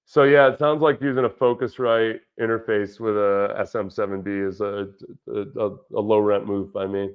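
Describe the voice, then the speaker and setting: A man who once played football hosts a laid-back football livestream, rambling as he reacts to the chat. His voice is fairly low in pitch with fairly even intonation, a moderate pace, and a clean tone. The dull, lo-fi stream audio has dropouts and comes from a studio dynamic mic via a budget audio interface.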